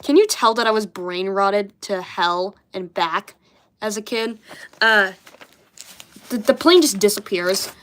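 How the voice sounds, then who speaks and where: Young woman, casual chat, unhurried delivery, bemused, foul-mouthed, self-mocking. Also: mid-range voice, lively intonation, fairly bright tone. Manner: bemused, swears often, laughs at herself. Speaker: artist reviewing her childhood comics.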